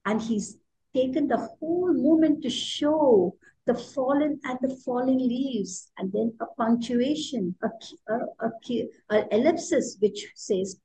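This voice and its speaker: A middle-aged woman with an Indian accent, a poet leading a workshop, explaining with expressive emphasis and often repeating words for stress. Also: high voice, measured pace, rough recording. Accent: Indian English. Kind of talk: workshop teaching.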